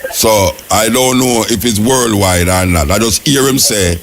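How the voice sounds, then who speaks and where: A man's voice: lowish voice, normal speed, background noise. A man speaking with a Jamaican accent, hosting a radio call-in show and telling rambling stories in patois. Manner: rambling patois storytelling with acted quotes. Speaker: radio talk show host. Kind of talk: casual storytelling and call-in chat.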